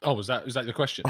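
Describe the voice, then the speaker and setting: A man's voice: mid-range voice, background noise. A man joining a football livestream from afar, casually breaking down the match and laughing easily. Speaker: co-host on call. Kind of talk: casual match analysis chat. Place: remote, watching on delay.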